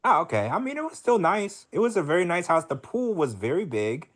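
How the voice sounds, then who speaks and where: A man's voice: sits high, sing-song, a little fast. A man co-hosting a podcast, chatting casually and gossiping, calling his listeners y'all. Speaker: podcast co-host. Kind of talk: casual chat.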